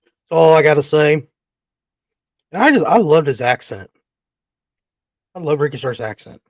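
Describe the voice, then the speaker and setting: A man hosting a wrestling podcast who rants loudly and profanely in casual chat. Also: on the high side, lively intonation, moderate pace, dry recording. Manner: loud, profane, emphatic. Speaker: podcast host.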